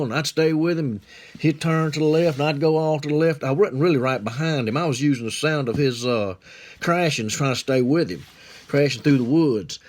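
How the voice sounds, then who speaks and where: A man's voice: mid-range voice, a little mellow. A man with a Southern accent telling a rambling, folksy story in a drawling, colloquial way.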